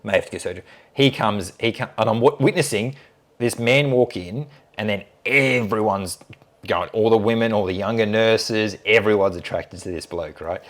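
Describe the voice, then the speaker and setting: A man in his late thirties, a podcast guest telling a story in casual chat, animated and swearing freely. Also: on the low side, moderate pace. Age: late 30s. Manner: animated, swears freely, acts out others' lines.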